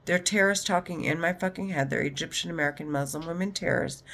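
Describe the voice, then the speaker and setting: A woman's voice: low-pitched, quick pace, a bit bright. A woman and mother talking to camera in an agitated, rambling personal monologue, swearing heavily and restarting often. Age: adult, mother of children. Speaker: vlogger.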